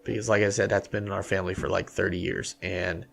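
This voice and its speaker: Male podcast co-host, low gravelly voice, rambling casual talk about hunting. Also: quick pace, faint music behind. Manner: animated, talks in rambling runs with fillers. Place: small podcast studio.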